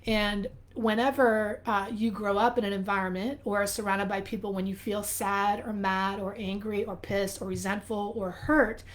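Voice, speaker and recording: A woman's voice: medium pitch, moderate pace, few pauses. A woman hosting a live video, talking candidly and animatedly to her viewers, her voice a little worn, as though she is losing it. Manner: candid, animated, swears casually. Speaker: life coach host. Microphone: phone or webcam, live stream.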